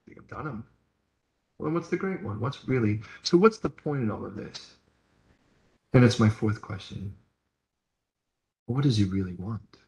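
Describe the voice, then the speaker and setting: Male pastor, mid-pitched, casual storytelling sermon delivery, roomy church echo. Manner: conversational, animated storytelling preacher. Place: church hall.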